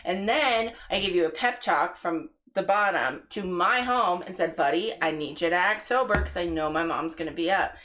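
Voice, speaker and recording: A young woman telling stories in casual podcast chat, deadpan and acting out the quotes. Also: fairly low pitch, normal speed, few pauses, slight background noise. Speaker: guest, cousin.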